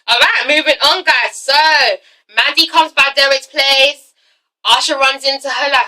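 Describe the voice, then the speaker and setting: Woman reviewer, casual recap chat, animated and profane, high bright voice, a bit away from the mic. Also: normal speed, far from the mic, poor audio. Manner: animated, profane, acts out the scenes. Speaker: TV show reviewer.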